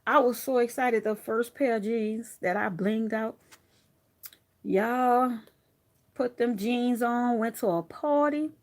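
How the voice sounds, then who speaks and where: Chatty woman vlogger, slightly high voice. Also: takes it slowly. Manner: chatty, animated storytelling with laughs and asides to "y'all". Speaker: craft vlogger. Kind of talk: casual chat to viewers.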